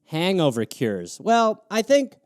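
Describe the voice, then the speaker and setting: A man hosting a livestream, riffing on viewer prompts in an animated, sarcastic comic manner. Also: sits high, takes it slowly, dry recording, clean studio sound. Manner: animated, sarcastic, jumps between mock voices and asides. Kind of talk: solo improvised comedy riff on a livestream.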